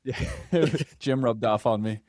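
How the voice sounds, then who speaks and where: A man hosting a podcast interview, chatting casually and laughing often with a relaxed, filler-heavy way of talking. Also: mid-range voice, measured pace, no room sound, studio quality. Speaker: podcast host.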